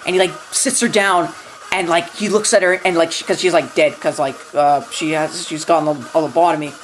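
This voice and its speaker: A woman's voice: low voice, fairly even intonation, fast, low-quality recording. A young adult woman giving a casual, ranting movie review, rambling with constant fillers and restarts, swearing freely and laughing between points. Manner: rambling, full of "like" and restarts, profane, breaks into laughter. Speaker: film reviewer.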